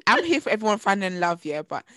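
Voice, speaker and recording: A woman chats briskly on a podcast, dishing gossip and voicing the people she quotes. Her speech is quick and runs on. The sound is dry and close to the mic. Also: mid-range voice, no echo. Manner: animated gossip, acting out quotes. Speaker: podcast co-host. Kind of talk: casual chat.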